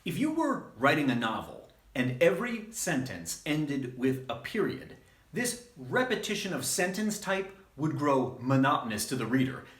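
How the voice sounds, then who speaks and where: A man, a wrestling trainer, giving a measured, emphatic instructional talk. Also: medium pitch, sing-song, a bit bright. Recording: roomy echo.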